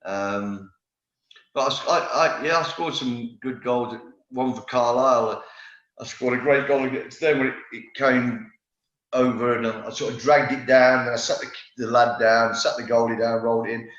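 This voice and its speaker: A man's voice: medium pitch, normal speed. A man in his fifties tells rambling stories of his playing days, often restarting mid-sentence. His voice sits in a middle register. The recording is roomy and a little dull. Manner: lively storyteller, rambling with restarts. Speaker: former footballer, podcast guest. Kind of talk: casual anecdote-telling interview.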